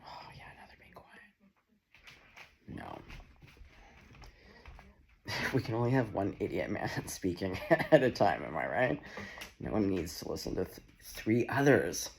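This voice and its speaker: Recorded on his phone in an echoey kitchen full of loud background noise, a man gives a casual tarot reading at home. His low, gravelly voice has a sing-song lilt at a moderate pace, and he chats to himself, swearing and laughing along the way.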